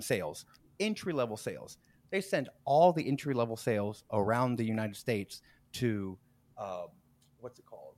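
A podcast host relaxes into a rambling workplace story. He jumps between low mutters and high bursts of laughter, acting out the people he quotes. The mic is close and the room is dry. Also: dry recording. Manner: animated, laughs often, acts out quoted people. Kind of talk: casual storytelling chat.

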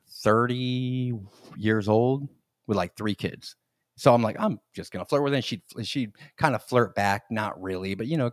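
A man's voice: fairly low pitch, dry recording, studio quality. A man in his forties hosting a podcast, telling funny stories in a casual chat, laughing often and acting out the quotes. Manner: animated storyteller, laughs often, acts out quotes. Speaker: podcast host.

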